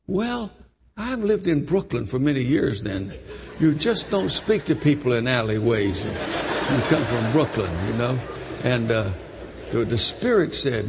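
A man preaching, telling a story in an animated way with repeats and restarts. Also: mid-range voice, moderate pace, breathy edge. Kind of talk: sermon storytelling. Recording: echoey hall.

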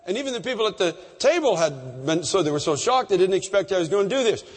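Husky male preacher in a reverberant hall. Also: high-pitched, fast. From Canada. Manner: animated storytelling, voice rising at climaxes. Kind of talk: storytelling sermon. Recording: long reverb in a large hall.

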